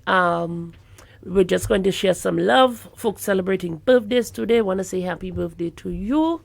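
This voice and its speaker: A woman's voice: medium pitch, moderate pace, gravelly. A woman hosting a radio show, teasing and laughing often. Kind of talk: casual radio chat.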